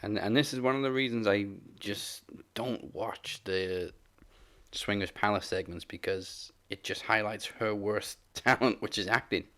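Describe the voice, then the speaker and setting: A man's voice: on the low side, a little slow, pushed and bright. A man co-hosting a casual wrestling podcast, chatty and opinionated, often restarting his words. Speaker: podcast co-host. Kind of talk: casual chat.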